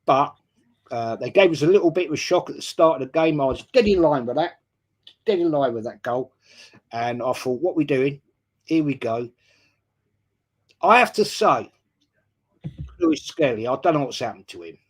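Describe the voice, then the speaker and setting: A man's voice: on the high side, animated, normal speed, pauses often. A man hosting a casual football chat show, greeting viewers by name and chatting loosely. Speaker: podcast host.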